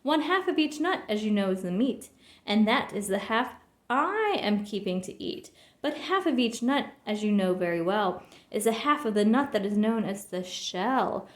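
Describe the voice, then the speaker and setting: A woman's voice: mid-range voice, animated, moderate pace, natural voice. A woman voicing a bossy, scheming little male bug in a storybook reading, mocking and laughing, in a roomy echo.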